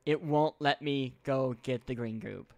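Male gamer-host, gravelly, jokey casual banter, dry close recording. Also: medium pitch, a little slow, no room sound. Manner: joking, reads game lines aloud. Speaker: game show host. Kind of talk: casual gameplay chat.

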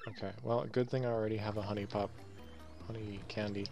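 A man's voice: fairly low pitch, fast talker, music in the background. Easygoing man commentating a game. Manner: relaxed, wry asides. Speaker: video game let's player.

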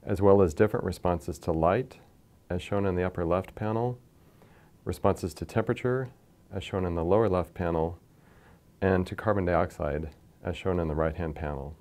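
A man lecturing from slides in a measured, explanatory way, pointing to figures as he goes. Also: sits low, darkish tone. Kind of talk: scripted science lecture over slides.

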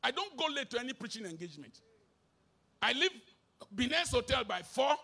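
A middle-aged Nigerian man preaching an emphatic sermon. He has a Nigerian accent and moves between shouted bursts and low asides, slipping into Pidgin. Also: big pitch swings, a little fast, slightly rough.

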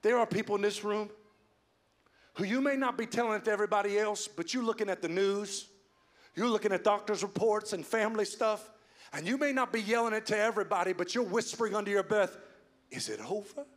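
A man preaching a sermon as pastor, swinging from hushed, slow lines to loud, fast build-ups. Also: high voice. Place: church sanctuary. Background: soft music.

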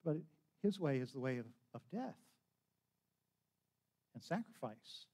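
A man's voice: medium pitch, sing-song, unhurried, mellow, slightly rough. A man preaching a sermon as pastor, telling a story conversationally, with frequent restarts and acted-out quotes.

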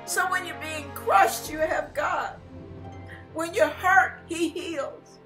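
High-voiced woman preaching slowly and fervently. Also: fairly even intonation, a bit bright, faint music behind. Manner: fervent, emotional, slow and emphatic. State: tearful at times. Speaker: devotional speaker. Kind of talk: emotional devotional sermon.

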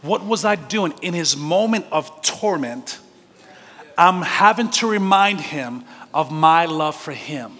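A man's voice: on the high side, expressive, slow pace, bright, forceful tone, big-room sound. A male pastor preaching a sermon, telling stories animatedly with laughs and direct questions to the congregation. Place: church sanctuary.

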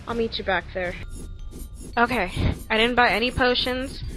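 A young woman giving live commentary on a video game, excitable and frantic, often yelling and laughing, with loud game music behind her. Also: fairly high pitch, unhurried. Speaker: gaming let's-player.

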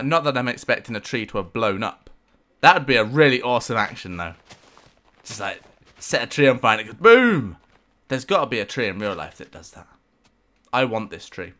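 A man giving excitable, self-mocking let's-play commentary, talking back to the game with sudden outbursts. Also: mid-range voice, a little fast. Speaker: gameplay commentator.

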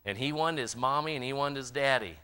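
A man preaching a sermon in a church, swinging from loud impassioned calls to quiet, earnest appeals. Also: mid-range voice, brisk, smooth. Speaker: pastor. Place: church sanctuary.

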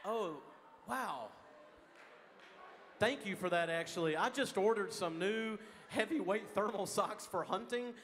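A man's voice: high-pitched, measured pace, a bit bright, a little hiss or hum. A man with a Texan accent answers student questions in a casual, joking, folksy way during a school chapel. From Texas. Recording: reverberant chapel hall.

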